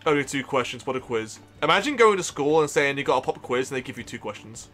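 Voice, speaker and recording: Animated, joking young male streamer. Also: medium pitch, quick pace, soft background music. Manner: joking, laughs often, swears casually. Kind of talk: live-streamed let's play.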